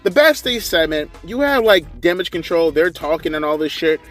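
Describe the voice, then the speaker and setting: A young man giving casual, profane, rambling wrestling commentary, excitable and full of slang. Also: on the high side, moderate pace, faint music behind. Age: young adult. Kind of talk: casual watch-along commentary.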